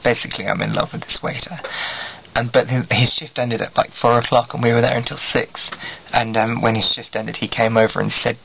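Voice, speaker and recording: A young Englishman vlogs in a casual, rambling, self-deprecating manner, peppering his talk with "like." His medium-pitched voice is flat, fairly quick, slightly rough, with vocal fry. The dull lo-fi webcam audio carries a faint hiss.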